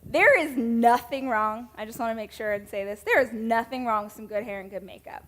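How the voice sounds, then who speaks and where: A woman's voice: a little high, fairly quick. A woman in her thirties with a Southern American accent, giving a chatty, self-mocking sermon talk to a women's church group. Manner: chatty, self-mocking, with laughs and playful asides.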